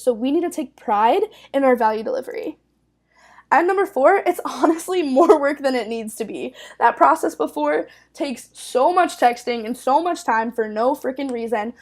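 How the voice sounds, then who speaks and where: A woman's voice: high-pitched, a little mellow. A young woman in her twenties giving a training webinar as a network manager, upbeat and casual with frequent fillers and laughs.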